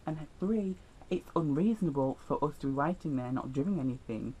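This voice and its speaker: A man's voice: on the high side, expressive, moderate pace, darkish tone, slight background noise, poor audio. Teen boy vlogger, rambling and self-deprecating, telling school stories. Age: teens. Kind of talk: storytime vlog.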